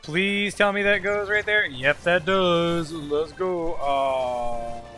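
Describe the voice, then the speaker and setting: A man's voice: a little high, slow pace, pushed and bright, soft background music. A young man casually commenting while streaming a game, loose and profane, rambling with lots of filler words.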